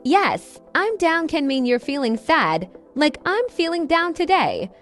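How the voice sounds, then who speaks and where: High, lively woman teaching English. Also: unhurried, faint music behind. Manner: upbeat, explains phrases with examples. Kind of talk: scripted podcast lesson.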